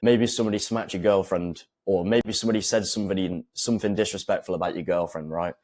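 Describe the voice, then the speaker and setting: A young man giving fitness and self-improvement advice to camera, speaking calmly and deliberately with pauses for emphasis. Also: deep voice, dry recording. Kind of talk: direct-to-camera advice talk.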